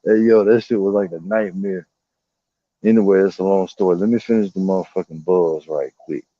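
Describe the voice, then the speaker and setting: Casual male vlogger, low mellow voice, swearing through animated woodland stories, dry lo-fi sound. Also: a little fast, dry recording. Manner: rambling, profane, animated storytelling, voices animals. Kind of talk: casual storytelling vlog. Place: outdoors in woods.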